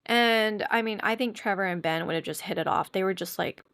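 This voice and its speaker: A young woman, hosting a podcast and telling a story in a chatty, animated way, squeaking when she acts out quotes. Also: a little fast, vocal fry. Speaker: podcast host. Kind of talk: casual storytelling monologue.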